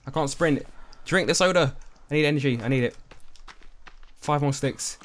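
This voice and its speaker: A young man giving excitable let's-play commentary, easily spooked and talking to his viewers. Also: a little high, moderate pace. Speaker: gaming YouTuber.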